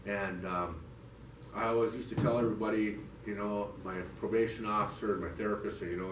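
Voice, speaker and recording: A man's voice: lowish voice, fairly even intonation, brisk. Earnest man speaking in an echoey hall. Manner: rambling and heartfelt, with many restarts and "you know". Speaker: speaker giving a personal recovery testimony. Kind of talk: personal testimony to a church recovery group. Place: church meeting room. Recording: echoey room, mic from a distance, faint noise.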